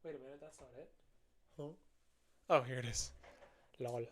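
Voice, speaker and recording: A young man casually chatting with viewers while drawing on a live stream, relaxed and joking, his heavy breathing audible on a close mic. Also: mid-range voice, normal speed.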